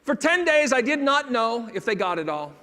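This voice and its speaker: Male keynote speaker, high register, theatrical storyteller, hall reverb. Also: sing-song, normal speed. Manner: dramatic shifts between hushed and loud, acting out dialogue. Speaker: motivational speaker.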